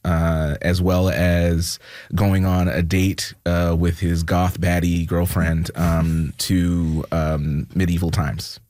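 A man with a very low voice talks through a topic in a relaxed panel chat. He explains at length and fills his pauses with ums and uhs. The sound is dry and close. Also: no room sound. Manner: relaxed and explanatory, with many fillers. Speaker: culture commentator. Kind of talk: casual panel discussion.

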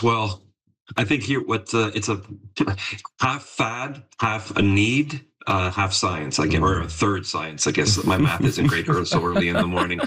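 Male expert guest, low and husky, relaxed and good-humored. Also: rough recording. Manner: good-humored, chuckling, loose. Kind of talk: radio interview.

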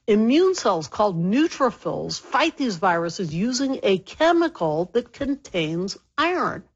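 Woman doctor explaining clearly. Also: medium pitch, muffled recording. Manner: clear, emphatic, explaining step by step. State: recovering from a cold. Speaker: doctor, medical guest. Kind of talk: explanatory radio interview.

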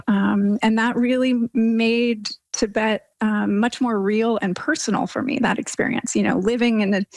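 Guest, female, slightly higher voice, dry close recording, earnest storyteller. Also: no echo. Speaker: interview guest. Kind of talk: personal storytelling in an interview.

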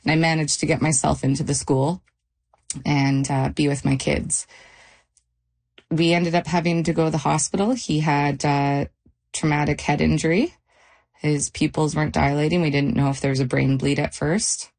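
A middle-aged woman retelling a frightening night in a halting, shaken interview. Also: low-pitched, fairly even intonation, darkish tone. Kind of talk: personal testimony interview.

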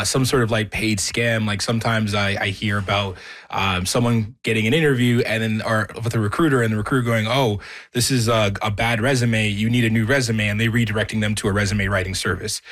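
A man's voice: lowish voice, a bit bright. A man on a radio call-in show, a guest on hiring, talking loosely with many fillers, then growing heated and emphatic.

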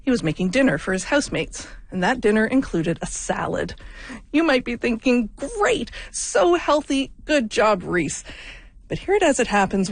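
A woman's voice: mid-range voice, no echo. A woman hosting a radio news show, telling a light story in a wry, playful way. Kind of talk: scripted radio news feature.

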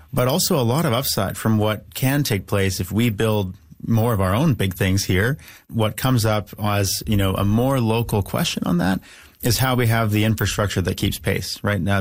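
A man from Canada, a newly elected member of parliament, giving earnest, measured interview answers with frequent filler phrases. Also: fairly low pitch.

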